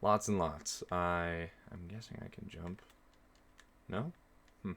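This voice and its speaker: A man's voice: low voice, fairly even intonation, takes it slowly, a bit bright. A young man streaming a horror game, chatting casually with viewers in a rambling way full of ums. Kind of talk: casual live-stream commentary.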